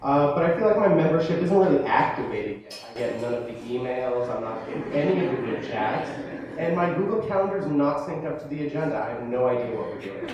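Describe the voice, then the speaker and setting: A man's voice: medium pitch, lively intonation, fairly quick, highs cut off, heavy background noise. A young man in his late teens, a student giving a talk to an audience, self-deprecating and joking, with frequent stammers and restarts. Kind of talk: presentation to an audience. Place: large hall or classroom with an audience. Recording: echoey room, voice from a distance.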